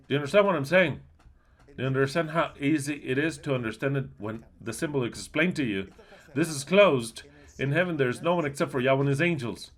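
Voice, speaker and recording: During a livestreamed Bible teaching, a man with a mid-range voice speaks fairly quickly and emphatically. He fires off rhetorical questions, swings between loud and soft, and drops blunt, coarse asides.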